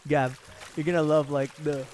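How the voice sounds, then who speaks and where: A man's voice: a little high, fairly even intonation, slow pace, darkish tone, a little hiss or hum. A young man streaming, chatting casually and rambling, with frequent laughs. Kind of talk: casual livestream chat.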